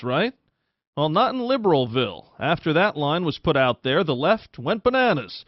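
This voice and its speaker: Guy hosting a radio talk show, mid pitch, animated, kinda dull dry audio. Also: dry recording. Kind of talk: conversational interview then scripted commentary. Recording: dry, slightly dull recording.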